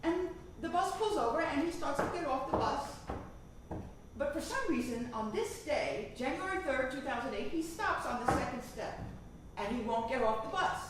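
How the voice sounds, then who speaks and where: Brief: high-pitched woman comic, animated storyteller, echoey and distant on stage. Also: moderate pace, heavy background noise. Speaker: stand-up comedian. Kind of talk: stand-up storytelling.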